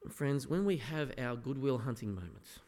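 A man preaching an earnest sermon as a pastor, often dropping to a soft, quiet voice. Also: mid-range voice, lively intonation, normal speed. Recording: echoey hall with long reverb.

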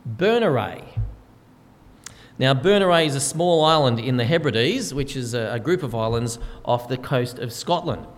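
A man pastor delivering a sermon in a relaxed, conversational storytelling way, with frequent fillers. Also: fairly high pitch. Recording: long hall reverb.

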